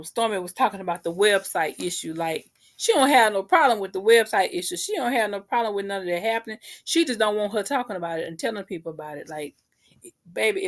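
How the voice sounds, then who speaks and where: A woman, casually recapping a reality show for her viewers in a chatty, sassy way. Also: mid-range voice.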